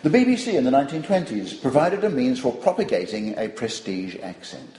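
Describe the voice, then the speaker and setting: A man's voice: mid-range voice, fairly quick, echoey room, poor audio. An older man giving a public lecture, wry and digressive, telling stories to an audience. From Australia. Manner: wry, digressive, animated storytelling.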